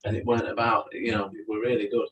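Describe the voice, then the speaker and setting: A man's voice: lowish voice, flat delivery, quick pace, fairly bright tone, muffled recording, a little hiss or hum. Teasing man, casual chat. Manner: teasing, chatty, reads out viewer comments. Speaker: co-host of a live chat stream.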